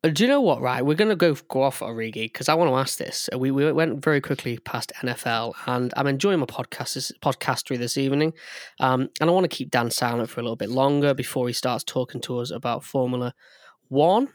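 A man hosting a casual sports podcast, enthusiastic and teasing, with animated bursts of excitement. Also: mid-range voice, fast talker, no echo, clean studio sound. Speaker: podcast host.

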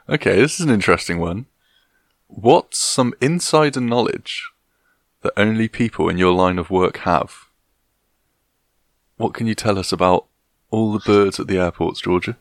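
A man's voice: fairly low pitch, no echo. A man, co-hosting a casual podcast chat with dry, rambling jokes. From England. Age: 20s. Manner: dry, joking, slow and rambling. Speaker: podcast co-host.

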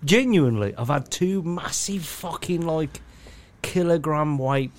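A man's voice: a little high, expressive, a little slow. A man co-hosting a podcast, swearing constantly as he rambles and laughs through stories. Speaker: podcast co-host. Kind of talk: casual banter.

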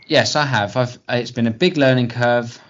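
A man's voice: medium pitch, fairly even intonation, moderate pace. A man who presents a segment on a podcast, chatting casually in an earnest, slightly self-conscious way. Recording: dull lo-fi podcast audio.

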